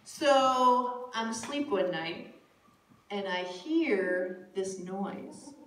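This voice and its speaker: A woman telling a comic story to a live cafe audience, chatty and laughing, often breaking into high shrieks. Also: animated, drawn-out words. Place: cafe stage before an audience. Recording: echoey cafe room from far off, noisy.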